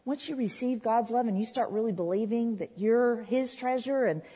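A woman's voice: fairly high pitch, moderate pace, dark tone, slightly rough. A woman preaching a sermon in a church, talking conversationally with the congregation. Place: church hall. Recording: reverberant hall.

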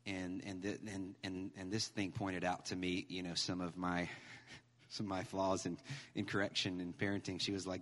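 A man in his thirties preaching a sermon as pastor, animated and emphatic, mixing humor with scripture. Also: deep voice, moderate pace. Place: church sanctuary. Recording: long hall reverb.

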